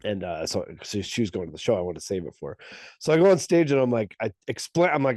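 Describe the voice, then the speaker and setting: A man's voice: mid-range voice, fast talker, no echo. A man, a comedian, telling a story in casual podcast chat and acting out the lines of the people in it. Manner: animated storyteller, acts out quoted lines.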